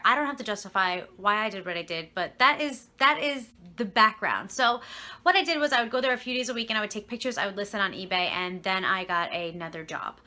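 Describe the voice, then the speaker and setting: Young woman vlogger, bright tone, chatty and rambling, phone-recorded. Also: mid-range voice. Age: young adult. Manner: rambling, chatty, fed-up asides. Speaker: vlogger and reseller. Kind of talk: casual storytelling vlog.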